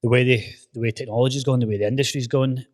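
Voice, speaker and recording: Scottish pt talking fast in a gym, swears a lot, calls everyone mate. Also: male voice, medium pitch, steady tone, darkish tone. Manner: blunt and sweary, with lots of "mate" and "aye". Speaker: podcast host and personal trainer. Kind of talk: casual chat.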